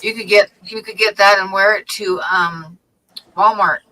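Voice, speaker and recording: A woman's voice: mid-range voice, steady tone, moderate pace, sharp tone, distant mic, rough recording. A woman in casual chat, teasing and playful.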